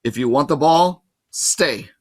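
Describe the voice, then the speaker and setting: A man's voice: a little high, animated, moderate pace, fairly bright tone, pitched above the performer's own voice. A man voicing a brave, bossy twelve-year-old girl in a storybook reading, giving firm orders. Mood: commanding. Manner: firm, commanding.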